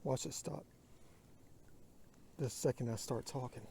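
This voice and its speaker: A man's voice: mid-range voice, steady tone, measured pace, vocal fry, warm tone, a little hiss or hum. A man vlogging from his kayak on a lake, musing aloud into his phone and drifting into murmurs and whispers. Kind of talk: rambling outdoor vlog.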